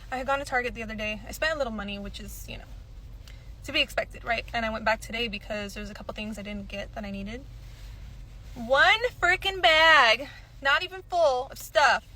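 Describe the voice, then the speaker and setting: A woman's voice: on the high side, steady tone, fast talker, pushed and bright, a little hiss or hum, low-quality recording. A woman in an angry, emphatic rant, swearing and stressing her words. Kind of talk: casual rant.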